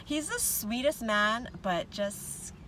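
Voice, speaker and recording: With a slightly high, bright voice and a forceful tone, a woman livestreams from her parked car, speaking animatedly but slowly. She greets her viewers and laughs frequently in casual chat, while faint traffic noise enters through the open windows.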